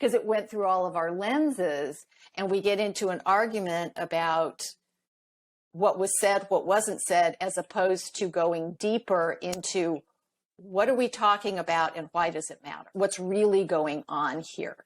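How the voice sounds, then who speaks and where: A middle-aged woman, a marriage coach, talking in a podcast interview, lively and laughing often as she acts out quoted dialogue. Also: lowish voice, measured pace.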